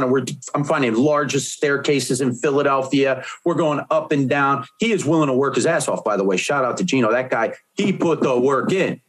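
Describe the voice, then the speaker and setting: A man co-hosting a podcast, telling stories in an energetic, plain-spoken casual way. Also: mid-range voice. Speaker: podcast co-host. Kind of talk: casual podcast chat, storytelling.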